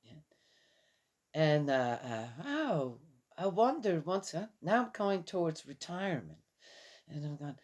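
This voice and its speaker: Slow, low-voiced tired woman. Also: big pitch swings, darkish tone. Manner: rambling, chuckles often, restarts sentences. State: a little tired. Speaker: vlogger. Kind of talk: casual morning chat.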